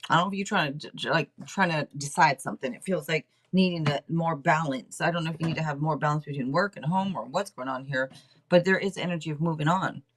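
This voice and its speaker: A middle-aged woman hosting a casual livestream tarot reading, rambling and chatting out loud to herself between readings. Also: sits low, quick pace. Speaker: tarot reader and livestream host.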